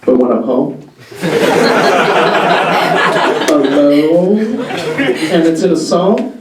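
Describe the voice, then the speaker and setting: Halting deadpan young man doing stand-up. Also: on the high side, heavy background noise. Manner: deadpan, halting delivery with many "uh"s. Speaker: stand-up comedian. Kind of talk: stand-up comedy set. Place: comedy club stage with live audience. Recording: echoey room, far mic, crowd laughter.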